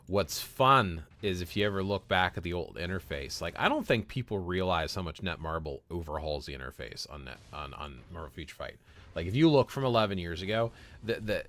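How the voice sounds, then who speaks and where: A man's voice: low voice, fairly bright tone. A man live-streaming a mobile game in casual chat, greeting viewers by name, answering chat and often repeating words as he talks. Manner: chatty, friendly, repeats words and restarts often.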